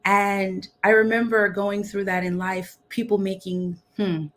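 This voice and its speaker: A woman's voice: medium pitch, flat delivery, unhurried. Upbeat young woman from dallas, laughs a lot, chatting as a guest over a video call. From Dallas, Texas. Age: young adult. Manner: bubbly, upbeat, laughs often. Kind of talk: casual chat.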